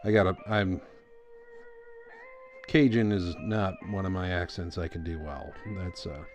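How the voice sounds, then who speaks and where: A man streaming a live drawing session, talking through his work in a relaxed, rambling way with lots of fillers. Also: low-pitched, slow pace, faint music behind. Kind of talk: casual commentary while drawing.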